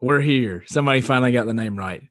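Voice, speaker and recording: A man's voice: mid-range voice, fast, fairly bright tone. A man co-hosting a podcast, teasing his co-host in casual banter, laughing often and swearing freely.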